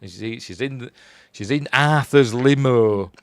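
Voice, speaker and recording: A man's voice: mid-range voice, a little slow, no room sound, studio quality. A man with a Yorkshire accent casually recapping a horror film, rambling and chuckling as he goes. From Yorkshire, England. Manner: rambling, chuckling, quotes characters in a raised voice. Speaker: film reviewer.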